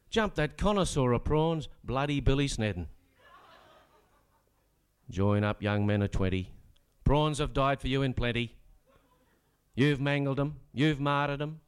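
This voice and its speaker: Man, Australian accent, comic verse recitation, sardonic asides, rollicking rhymes, clear smooth voice, stage mic. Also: fairly high pitch.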